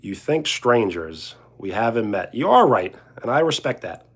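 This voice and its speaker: Husky-voiced joking male streamer. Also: fairly low pitch, sing-song, moderate pace. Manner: joking, chuckling, reading viewer questions aloud. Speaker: livestreamer answering chat. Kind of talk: casual live chat.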